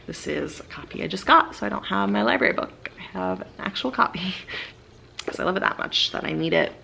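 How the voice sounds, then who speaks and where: A woman's voice: mid-range voice, lively intonation, brisk, creaky, pushed and bright, a little hiss or hum. A young woman casually rambling about her favorite books as a book vlogger, with many fillers and eager bursts.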